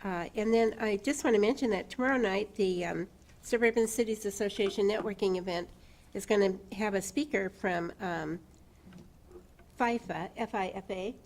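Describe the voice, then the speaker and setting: A female council member gives updates to the meeting with many ums and pauses. Her pitch sits mid-range. A faint room noise sits under her voice. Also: darkish tone. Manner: hesitant, many fillers. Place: council chamber.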